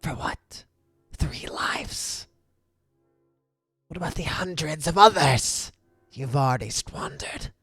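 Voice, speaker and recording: A man voicing a menacing ancient serpentine creature in a slow, hissing whisper, as whispered role-play. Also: on the high side, expressive, sharp tone, slightly rough, dry recording, faint music behind, pitched above the performer's own voice, heavily acted.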